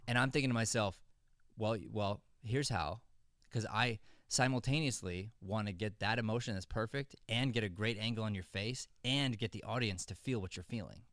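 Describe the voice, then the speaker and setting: A man's voice: on the low side, brisk, few pauses, a bit bright, no echo, clean studio sound. A middle-aged man hosting an acting podcast, talking in an earnest, rambling way with frequent restarts. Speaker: acting coach and podcast host. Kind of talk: casual podcast chat.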